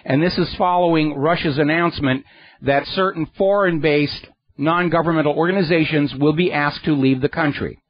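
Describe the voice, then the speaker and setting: A radio talk show host with a fairly high voice, speaking at normal speed, rolls out an indignant, sarcastic political monologue. He's on a studio mic in a dry, slightly dull setting with no room sound.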